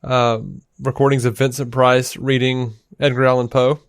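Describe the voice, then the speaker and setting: Man, mid-pitched voice, podcast co-host, laughing storyteller, casual chat, dry studio sound. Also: little pitch movement, normal speed, clean tone, no echo. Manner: storytelling, laughing, hesitant restarts, mimics voices in anecdotes.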